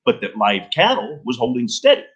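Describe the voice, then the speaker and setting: Guy doing an old farmer brother, earnest, folksy, lively up-and-down voice. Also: high-pitched, a little fast, vocal fry, husky, lo-fi sound, voice pushed up, exaggerated voice. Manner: folksy rural grammar, earnest. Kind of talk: literary reading.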